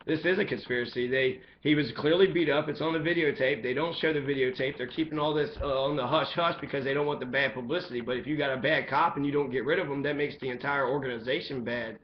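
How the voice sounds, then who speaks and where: A man's voice: medium pitch, fairly even intonation, fast talker, few pauses, lo-fi sound, a little hiss or hum. A man giving an angry, profane monologue as a commentator, heated and ranting throughout.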